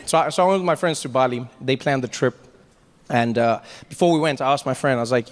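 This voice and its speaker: A man from Africa doing a stand-up comedy set, telling stories with animated asides. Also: medium pitch, slight background noise. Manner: animated storytelling, quick asides. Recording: live stage with long reverb and faint ambience.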